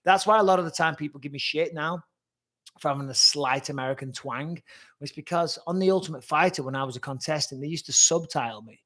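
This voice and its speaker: A man in his forties answers viewer questions in a casual live stream. His voice sits a little high for a man, and he talks fast and bluntly, swearing freely and reading out comments as he goes. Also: fairly bright tone. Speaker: former fighter and commentator hosting a live Q&A.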